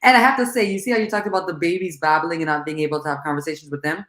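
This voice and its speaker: A middle-aged woman hosting a casual talk show, talking in an animated, rambling way and laughing often. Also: sits low, very fast, echoey room.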